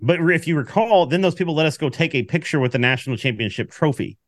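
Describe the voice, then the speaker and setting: A man co-hosting a casual sports podcast, telling a story with lively acted-out quotes. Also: on the high side, quick pace, no room sound. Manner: animated storyteller, acts out quotes. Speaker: podcast co-host.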